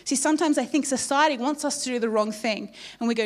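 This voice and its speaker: A woman preaching in a slightly high voice, with a lively storytelling delivery. She drops playful asides to the congregation as she tells the story. Her delivery is a church sermon. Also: fast talker, few pauses.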